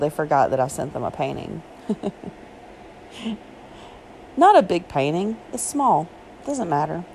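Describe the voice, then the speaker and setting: A woman with a fairly low voice talks through her own thoughts on a solo podcast. She rambles in a loose, chatty way, with lots of fillers and small laughs. A faint hiss of noise sits under the recording. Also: a little mellow, rough recording. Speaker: podcast host. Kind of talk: solo reflective podcast monologue. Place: Jacksonville.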